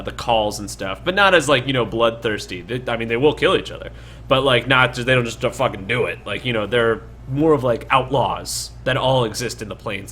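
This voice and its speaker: Acting as dungeon master, a young man casually narrates a tabletop session, his speech loose and packed with fillers. The voice sits at medium pitch with a slightly bright quality, and a little background noise can be heard.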